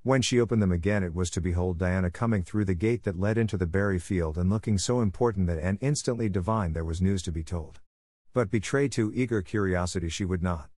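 A man reading a classic novel aloud in steady, scripted narration. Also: sits low, fairly quick, dry recording. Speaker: audiobook reader.

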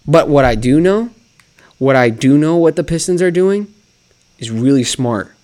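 A man's voice: on the high side, animated, a little slow, darkish tone. A man hosting a solo sports talk show, riffing and mocking himself with lots of rhetorical questions. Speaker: sports podcast host.

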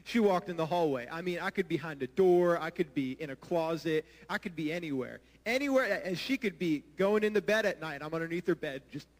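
An earnest man delivers a sermon, his fairly high voice ringing out with a long hall reverb behind it. He talks straight to the congregation, pressing them with questions. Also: expressive, a little fast, few pauses. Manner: earnest, asks the audience direct questions. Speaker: pastor.

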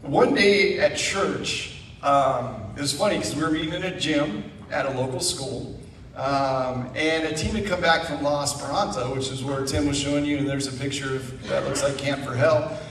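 A middle-aged man telling his testimony as a guest speaker at church, animated with asides. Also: mid-range voice, normal speed, slight background noise. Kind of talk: personal testimony. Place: church sanctuary. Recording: echoey room, mic far off.

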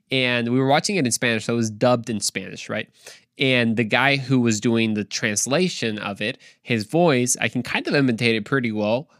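A man's voice: medium pitch, no room sound. Casual young man preaching, dry sound. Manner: informal, slangy and animated, with quick asides. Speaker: podcast preacher. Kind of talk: casual devotional talk.

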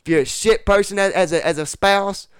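A man with a fairly high voice rants bluntly in a relaxed podcast chat, swearing freely and dropping rural slang like "ain't" and "y'all". The sound is dry and close, with no room echo. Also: fairly quick, smooth. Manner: blunt, profane, emphatic rant. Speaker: podcast guest. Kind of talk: casual chat.

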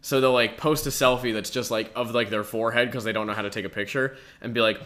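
Rambling young man with a bright voice. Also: medium pitch, steady tone, quick pace. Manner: rambling, laughing storyteller, loose and profane. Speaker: podcast co-host. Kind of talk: casual chat.

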